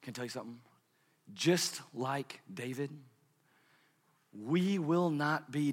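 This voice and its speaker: A man's voice: medium pitch, animated, takes it slowly, pauses often. Preacher man in a reverberant hall. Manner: swings from hushed murmurs to shouted peaks. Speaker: pastor. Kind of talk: sermon.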